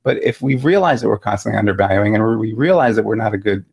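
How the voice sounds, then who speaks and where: A man hosting an interview, replying in quick bursts and listing ideas in a row. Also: fairly low pitch, expressive, gravelly, darkish tone, slightly rough. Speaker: host. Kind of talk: conversational interview.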